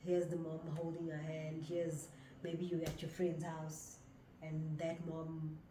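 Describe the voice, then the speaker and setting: A woman's voice: low voice, completely flat delivery, slow pace, dark tone. Mother on an echoey podcast, earnest and probing. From South Africa. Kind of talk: casual heart-to-heart chat. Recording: echoey room with faint noise.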